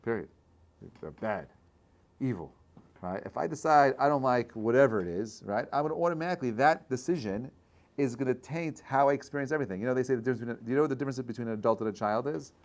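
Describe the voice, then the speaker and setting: A man, a rabbi, giving an informal Torah class in a conversational way, often checking in with his listeners and building to loud, animated bursts. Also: mid-range voice, quick pace. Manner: conversational, checks in with frequent "right?".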